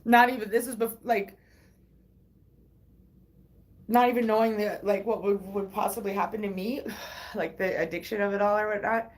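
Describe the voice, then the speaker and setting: A woman's voice: mid-range voice, fairly even intonation, a little fast. A woman livestreaming, telling a personal story in a rambling, frank way with heavy swearing.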